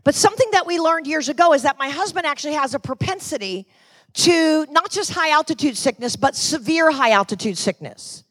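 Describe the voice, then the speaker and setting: Woman, middle-aged pastor, energetic sermon, high voice, sharp bright tone. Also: brisk, dry recording. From Florida. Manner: energetic preaching with rising calls to the church.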